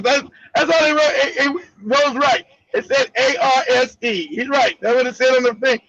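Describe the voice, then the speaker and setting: Brief: animated, profane male host, very high and bright voice, muffled lo-fi sound. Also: normal speed, creaky, few pauses, no echo. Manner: animated, profane, laughing often. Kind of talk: casual live talk show. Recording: dull lo-fi audio.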